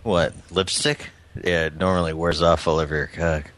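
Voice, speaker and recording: A man co-hosting a prank call show, joking crudely and deadpan. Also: low voice, moderate pace.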